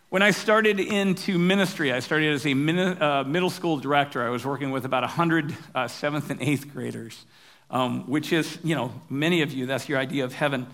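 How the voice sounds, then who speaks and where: A male pastor giving a sermon, telling stories in a relaxed, humorous, conversational way. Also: fairly high pitch, brisk.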